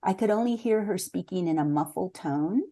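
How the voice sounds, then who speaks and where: A woman in her sixties talks through her writing life as an interview guest. Her voice sits a little low and sounds warm and mellow. She speaks earnestly and reflectively, sometimes restarting her sentences. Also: moderate pace. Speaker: memoir author, interview guest. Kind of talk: conversational interview answers.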